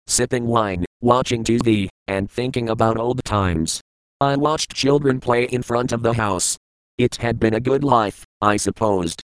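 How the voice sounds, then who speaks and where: A man reading an audiobook in the first person, at a measured and reflective pace. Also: medium pitch, smooth, no echo, poor audio. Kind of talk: audiobook narration.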